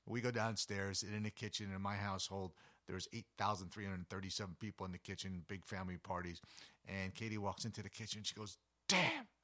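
This is a man giving an educational nature talk in a loose, storytelling way. His voice sits low but sounds bright and forceful. He chats along with plenty of casual asides. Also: quick pace. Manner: folksy and animated, with chatty asides. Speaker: wildlife educator. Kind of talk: conversational nature talk with anecdotes.

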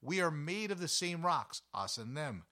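A bright-voiced man who hosts an educational science podcast talks at a moderate pace, his pitch on the high side. His casual teaching is jokey and lively, with self-corrections and rhetorical questions aimed at the listener.

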